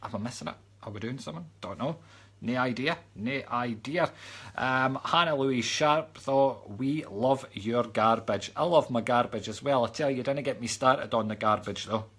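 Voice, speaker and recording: A man's voice: mid-range voice, normal speed, fairly bright tone, husky. A Scottish man chatting casually on a live stream, reading out viewers' comments and going off on joking rants, now and then dropping to a mock whisper. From Scotland. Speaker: psychic medium reading live chat comments.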